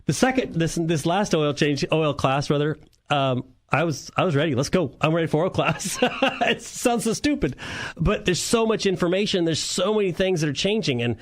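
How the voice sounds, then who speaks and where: A man's voice: on the high side, lively intonation, moderate pace. Rambling man telling shop stories. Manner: rambling storyteller, chuckles often. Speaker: car show co-host and mechanic. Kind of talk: casual radio chat.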